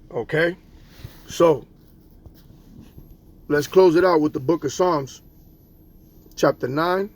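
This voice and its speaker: A man teaches from the Bible in a casual street style, slangy and profane, ending nearly every line with "okay?" or "all right?". His voice is on the high side.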